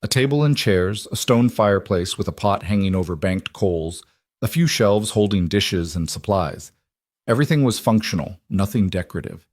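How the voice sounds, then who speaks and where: A man reading a romance story aloud as scripted narration, steady and even. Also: fairly low pitch, moderate pace, dry recording, studio quality. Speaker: audiobook narrator.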